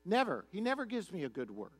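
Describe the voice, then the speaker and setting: A man's voice: sits high, wildly swooping pitch, fast talker, breathy edge, exaggerated voice. A man preaching, casually putting on the voice of a wicked, boastful ancient king in modern slang. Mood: brash.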